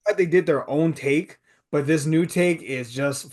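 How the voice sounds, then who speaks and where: A man co-hosting a casual film podcast, his voice sitting a little higher than most men's. He gives blunt, emphatic reactions, leaning hard on strong words when something impresses or unsettles him. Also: a little slow, darkish tone. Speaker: podcast co-host. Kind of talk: casual film review chat.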